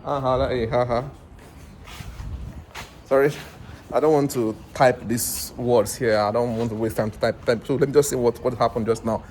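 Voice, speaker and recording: A man's voice: mid-range voice, fairly quick, slight background noise. A Nigerian man telling a story in a casual vlog, acting out the other people's lines and often restarting his sentences. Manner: animated, acts out dialogue with rambling restarts. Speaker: English teacher vlogger.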